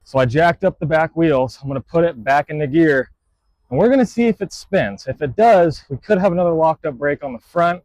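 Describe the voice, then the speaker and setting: A man's voice: fairly high pitch, a little fast, a little mellow, dry recording. A man hosting a car-flipping vlog, narrating casually as he works on a truck and thinking aloud with fillers and trailing sentences. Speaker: car-flipping channel host.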